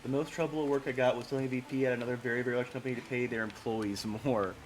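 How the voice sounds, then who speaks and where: A man's voice: medium pitch, steady tone, rapid-fire, slight background noise. A man streaming a game and telling a long story in a casual, rambling way, with many fillers and self-corrections.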